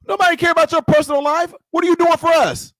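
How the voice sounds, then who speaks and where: In a fast, slightly bright voice that sits high for a man, a political commentator rants angrily at his audience, his intonation staying fairly even. He keeps returning to the same points and goading listeners with a string of rhetorical questions. The sound is close and dry, without any echo.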